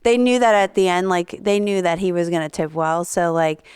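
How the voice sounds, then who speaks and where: A woman's voice: lowish voice, moderate pace, darkish tone, clean tone, no echo, clean studio sound. A woman hosting an interview podcast in a casual, chatty way, laughing often and using lots of fillers. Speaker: podcast host and comedian.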